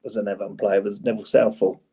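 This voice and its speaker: A man joining a live fan chat show as guest, throwing in quick friendly banter. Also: lowish voice, flat delivery, a crowd in the background. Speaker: guest co-host. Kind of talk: casual live-stream chat.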